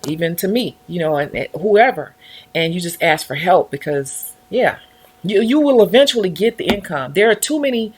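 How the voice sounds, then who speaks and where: A woman's voice: lowish voice, lively intonation, normal speed, a little mellow, slightly rough. A woman talking casually on her own livestream about life as a nail technician. She tells her stories with animation and acts out other people's voices along the way.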